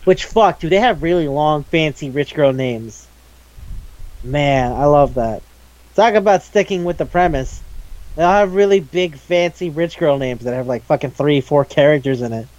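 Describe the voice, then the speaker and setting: A man in casual chat, recapping an anime, loose and profane, quickly acting out the characters' lines. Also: fairly high pitch, darkish tone, dull audio. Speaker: podcast co-host.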